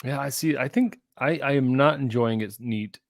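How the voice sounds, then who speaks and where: A man co-hosting a podcast, joking and self-deprecating in casual whiskey-tasting chat, with halting restarts. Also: mid-range voice, creaky, no echo, clean studio sound. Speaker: podcast co-host.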